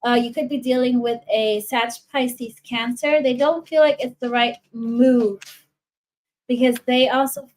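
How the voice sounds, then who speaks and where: A woman with a somewhat high voice reads tarot cards for her viewers in a loose, chatty way. She rambles, restarts her sentences and drifts into asides. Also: fairly even intonation, unhurried, poor audio. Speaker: tarot reader. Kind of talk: casual tarot reading for viewers.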